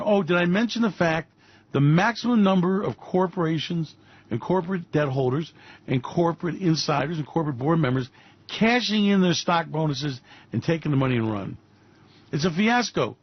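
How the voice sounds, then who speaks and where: A man's voice: fairly high pitch, slightly rough, highs cut off. A man hosting a radio show, giving fiery, mocking commentary on politics and finance with repeated punchlines. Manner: ranting, mocking, repetitive punches.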